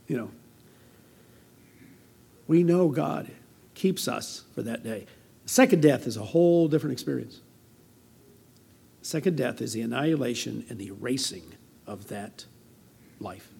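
An older American man delivering a sermon as pastor, conversational and anecdotal, with a gravelly voice. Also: mid-range voice, unhurried, long pauses, warm tone. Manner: conversational preaching with personal anecdotes.

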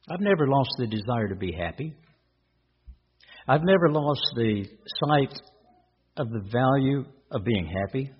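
A man's voice: mid-range voice, breathy edge, highs cut off. A man preaching a sermon, asking rhetorical questions and repeating his points for emphasis.

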